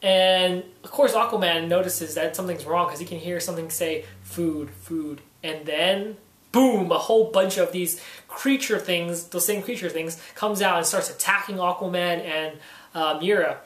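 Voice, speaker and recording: A man's voice: high voice, normal speed, a bit bright. A man giving a casual spoken comic book review, rambling and leaning heavily on "you know" fillers. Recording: roomy echo.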